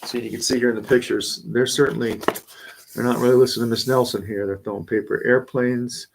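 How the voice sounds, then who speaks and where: A man's voice: mid-range voice, flat delivery, a little fast, gravelly, background noise. A man from a school reading a picture book aloud on a livestream. He keeps breaking off to chat about the pictures and the class. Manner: chatty, with frequent asides and comments on the pictures. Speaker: school staff reading to students. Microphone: phone or camera for a livestream.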